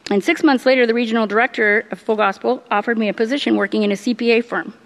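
A middle-aged woman giving a personal faith testimony, earnest and halting, laughing often as she tells it. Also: fairly high pitch, steady tone, long reverb tail. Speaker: church member giving testimony.

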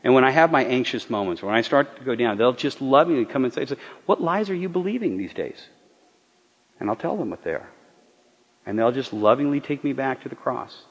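A man speaking as a pastor, giving an earnest, halting, confessional sermon testimony to his church. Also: medium pitch. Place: church hall. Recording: dull sound with long hall reverb.

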